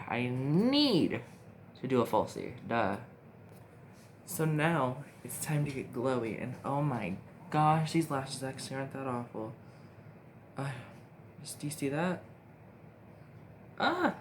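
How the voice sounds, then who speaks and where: A young makeup vlogger chats through a casual tutorial, rambling and easily excited, in a middling pitch. Filming on a phone camera, he often talks to himself while a steady hiss of background noise runs underneath.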